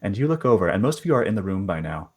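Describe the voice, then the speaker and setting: Male game master, low voice, hesitant scene-setting narration. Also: big pitch swings, darkish tone, husky. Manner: halting, lots of fillers and restarts. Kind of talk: narrating a tabletop horror game.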